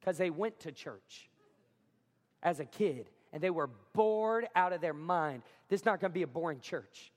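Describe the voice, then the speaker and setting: A male pastor with a high voice preaching to his congregation in a school cafeteria. He talks with energy and stresses key lines, often saying them twice. The sound carries a long reverb, as in a large hall. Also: normal speed. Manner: energetic, emphatic, repeats lines for effect. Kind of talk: sermon. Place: school cafeteria or gym used as a church.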